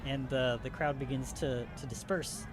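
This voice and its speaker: A man narrating a tabletop game as game master, animated and quick to laugh. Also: medium pitch, noisy background.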